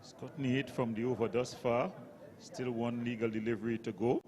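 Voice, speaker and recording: A man's voice: mid-range voice, fairly even intonation, normal speed, a little mellow. A man giving chatty live colour commentary on a cricket match, analysing the game.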